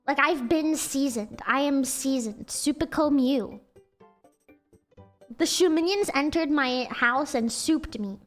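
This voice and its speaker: A woman's voice: high voice, takes it slowly, soft background music. A woman with an American accent chatting casually on a livestream, giggly and rambling with lots of "like" fillers.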